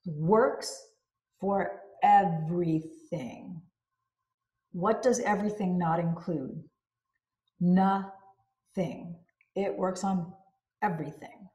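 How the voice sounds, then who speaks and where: Brief: female book reviewer, warm, effusive, reading then chatting, roomy reverb. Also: on the low side. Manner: effusive, expressive. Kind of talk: reading aloud and casual commentary. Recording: roomy echo.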